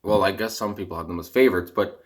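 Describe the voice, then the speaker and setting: A man's voice: low voice, steady tone, fast talker. Young Canadian man in a rambling rant. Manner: rambling, dejected and exasperated. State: voice cracking. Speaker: vlogger, hockey fan.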